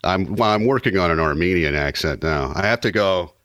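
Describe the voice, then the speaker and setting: Deep-voiced podcast guy, forceful bright tone, cracks jokes, dry sound. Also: lively intonation, a little fast, dry recording. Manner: joking, teasing. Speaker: podcast co-host. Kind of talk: casual chat.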